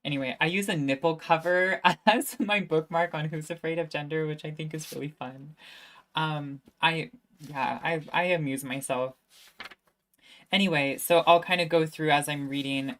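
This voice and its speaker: A woman's voice: sits low, fairly even intonation, normal speed. A young woman, a student, chatting casually on a livestream and answering viewer questions, self-mocking and laughing often.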